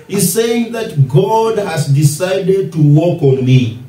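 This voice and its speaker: A man's voice: high voice, lively intonation, takes it slowly, warm tone, slight background noise. A man with a Kenyan accent, a pastor preaching from scripture with repeated, emphatic phrases. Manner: preaching with repetition and rising emphasis. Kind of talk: expository sermon reading scripture. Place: church hall. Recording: echoey church hall, distant mic.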